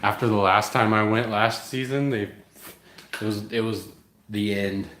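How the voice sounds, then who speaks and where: A man's voice: fairly low pitch, steady tone, unhurried, a bit bright, reverberant, slight background noise. A young man rambling casually to his viewers, swearing freely as he chats about his day. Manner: rambling, profane, chatty. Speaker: vlogger.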